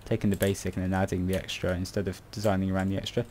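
A British game tutorial creator rambles through casual commentary on a building tutorial, muttering to himself and making self-mocking asides. His voice is low-pitched and darkish, with a steady tone, and he talks very fast with few pauses. A little hiss or hum is present.

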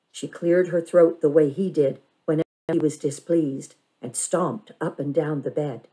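A woman reads a children's novel aloud, her voice lower than most and soft, warm and mellow. She paces the story carefully and gives it expression. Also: poor audio. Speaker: reader.

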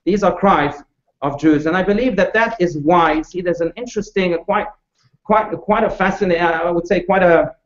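Male rabbi, storytelling lecture, expressive, slightly high voice, echoey room. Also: normal speed. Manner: expressive, with wide swings in pitch and loudness; asks the audience questions. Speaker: rabbi teaching a class. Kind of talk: storytelling lecture to a live audience. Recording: echoey room, dull lo-fi sound.

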